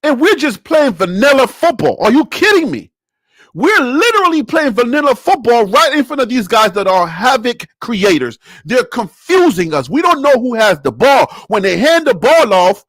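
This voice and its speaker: High, lively man ranting theatrically. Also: normal speed, dry recording, studio quality. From Liberia. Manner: animated, theatrical, acts out plays with sound effects. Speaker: sports commentator vlogger. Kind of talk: ranting sports commentary.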